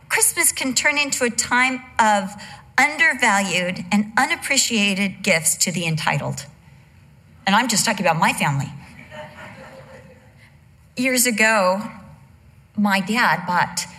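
A middle-aged woman teaching in a bright, clear voice that sits a little high. She talks candidly and chattily, slipping in humorous asides as she goes. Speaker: women's Bible teacher. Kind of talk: conversational teaching message.

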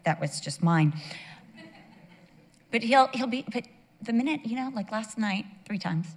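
A woman's voice: on the high side, animated, measured pace, big-room sound. A woman preaching a sermon, emphatic and mixing in humorous personal asides.

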